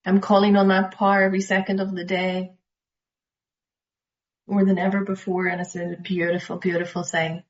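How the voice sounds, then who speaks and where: A woman with a Northern Irish accent leading a recovery study group, speaking slowly and emphatically, sometimes dropping to a near-whisper. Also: mid-range voice, monotone, dull audio. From Northern Ireland. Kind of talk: earnest study-group talk.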